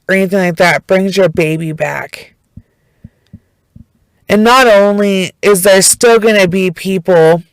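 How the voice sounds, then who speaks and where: A woman recounts a true crime case in a casual storytime, emotional and emphatic and quick to swear. she talks slowly and lets the words land. the recording is dry, with no room sound. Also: fairly low pitch, no room sound, poor audio.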